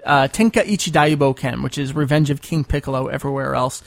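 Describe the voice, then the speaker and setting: A man's voice: mid-range voice, brisk, gravelly, no echo. A man hosting a casual podcast chat, explaining things patiently and spelling them out. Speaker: podcast host.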